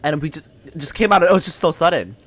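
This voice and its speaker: A young man chats casually while gaming on stream, telling rambling stories packed with fillers and frequent laughs. His fairly high voice is expressive, and he talks at a quick pace.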